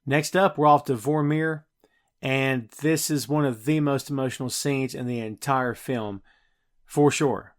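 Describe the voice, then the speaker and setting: A man's voice: mid-range voice, fairly even intonation, measured pace. A man hosting a podcast and recapping a film scene by scene in casual, enthusiastic chat full of fillers. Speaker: podcast host.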